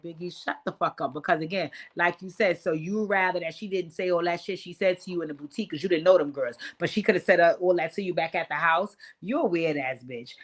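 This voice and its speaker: A woman hosting a casual reality-show recap, talking in a brash, profane, animated way. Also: on the low side. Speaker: host.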